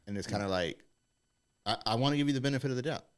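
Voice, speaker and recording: A man's voice: mid-range voice, racing. A man who hires workers, speaking bluntly and emphatically in casual podcast chat. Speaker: employer.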